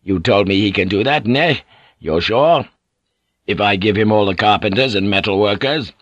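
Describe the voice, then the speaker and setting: A man voicing a shrewd, weary older warlord who speaks in a measured, calculating and quietly commanding way. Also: fairly low pitch, no echo, muffled recording. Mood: calculating, intimate.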